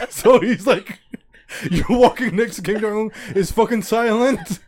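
Male comedy podcast host, higher voice, rambling crude storyteller who keeps laughing. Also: a little slow.

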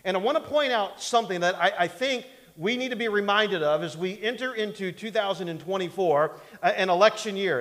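A man's voice: high voice, a bit bright. A male pastor preaching a sermon in a conversational, folksy way, often asking the congregation for an amen and joking along the way. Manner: folksy and humorous, slips into mock voices. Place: church sanctuary. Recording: long hall reverb in a church.

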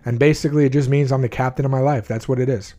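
Speaking to his viewers about his own life, this man of at least his twenties has a warm mid-range voice with fairly even intonation and a racing pace. His candid storytelling is blunt and emotional, and he often starts sentences over.

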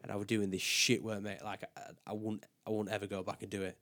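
A man's voice: on the low side, level tone, fast, fairly bright tone, no room sound. A young man, a podcast guest talking candidly in casual chat. He swears freely and often trails off and restarts. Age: young adult.

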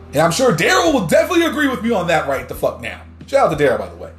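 Male podcast host from New Jersey, lively and loud, swears freely, echoey room with faint music behind. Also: high voice, quick pace, few pauses. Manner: animated, swears freely, gets loud when worked up; reads news articles aloud with stumbles. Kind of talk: casual news commentary podcast.

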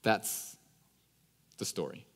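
Male pastor, casual slangy sermon, long reverb. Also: slow pace.

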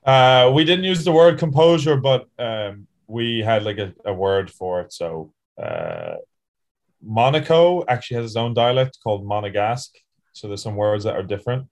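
A man co-hosting a casual podcast, telling rugby stories in a relaxed way with fillers and laughs. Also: mid-range voice, normal speed. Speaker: podcast co-host, rugby sevens player.

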